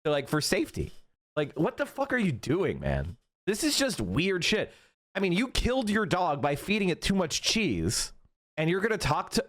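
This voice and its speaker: A man hosting a stream, giving heated, mocking reaction commentary full of swearing. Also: a little high. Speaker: stream host reacting to clips.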